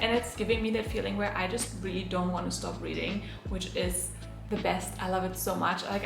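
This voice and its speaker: A woman's voice: medium pitch, vocal fry, roomy sound. A young woman vlogging casually about books she read, gushing and chatty with lots of fillers. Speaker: book vlogger. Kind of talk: casual reading vlog chat.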